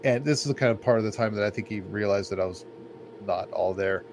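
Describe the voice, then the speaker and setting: Speaking quickly in a lowish voice, this man co-hosts a casual podcast. His storytelling rambles along easily and is packed with "like." Faint background noise can be heard.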